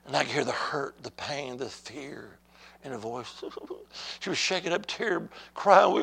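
A male preacher with a high voice and a heavy gravelly rasp delivers a sermon to a congregation. He tells his story dramatically and keeps calling on the church to answer him. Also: animated, normal speed, fairly bright tone. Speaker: pastor.

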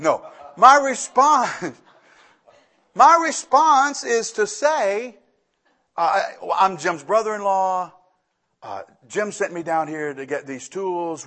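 A man's voice: fairly high pitch, a bit bright. A male pastor preaching a sermon, telling a story with acted-out dialogue and repeating phrases for emphasis.

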